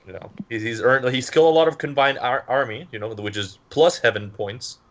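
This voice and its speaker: A man's voice: mid-range voice, a little fast, a bit bright. Rambling, laughing tabletop player man. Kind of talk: tabletop game play, casual chat.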